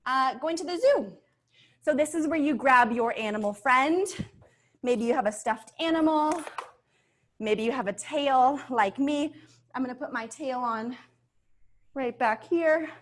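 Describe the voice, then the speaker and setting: A woman's voice: high-pitched, a bit bright. A woman teaching a dance class for children, upbeat and coaxing, sometimes singing her cues. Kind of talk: online kids' dance class instruction. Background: backing music.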